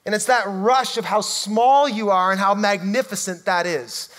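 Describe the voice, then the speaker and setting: Emphatic preacher guy, pretty high voice, big echoey church hall. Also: normal speed. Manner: emphatic, shifts from loud to hushed. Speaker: pastor. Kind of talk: sermon. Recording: long reverb hall.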